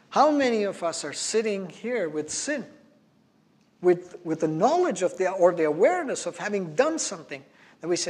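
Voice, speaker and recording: High-voiced male preacher in a reverberant hall. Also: very animated, a little mellow. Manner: earnest, emphatic preaching with slow stressed phrases. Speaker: pastor. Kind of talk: sermon.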